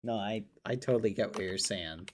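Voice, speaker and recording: A man's voice: fairly low pitch, brisk, a little mellow, a little hiss or hum. A man streaming a game, chatting casually in role-play, hesitant and stumbling over repeated words.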